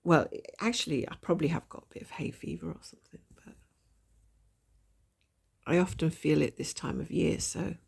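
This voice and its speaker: A woman with a gravelly voice and a blocked nose from a cold, chatting casually and thinking aloud while she stitches, with a self-deprecating manner. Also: low voice, a little mellow. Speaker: cross-stitch vlogger. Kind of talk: casual stitch-along chat.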